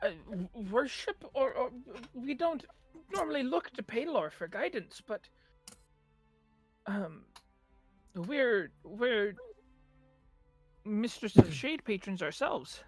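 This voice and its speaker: A game master voicing a trio of nervous, stammering bird-folk tavern keeper brothers in a very high voice. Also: sing-song, takes it slowly, pauses often, faint music behind. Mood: flustered. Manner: stammering, panicky.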